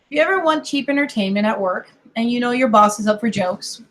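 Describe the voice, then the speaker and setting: A young streamer from Colorado and California chats in a rambling, playful way while she draws, digressing often with laughs and asides. Her mixed American accent has light Kentucky Southern touches, and her voice is a little high, expressive, brisk and a bit bright.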